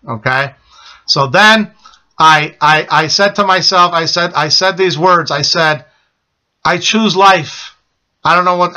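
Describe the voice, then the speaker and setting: A man's voice: a little high, pushed and bright. A middle-aged man telling a personal religious testimony in an urgent, repetitive way, often asking "okay?". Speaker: testimony speaker.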